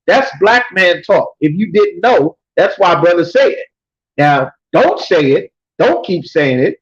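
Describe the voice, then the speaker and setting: A man teaching a scripture class, reading verses slowly and then explaining them emphatically, often checking with "you understand?". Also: sits high, expressive, husky. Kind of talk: preaching scripture breakdown. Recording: dull lo-fi recording.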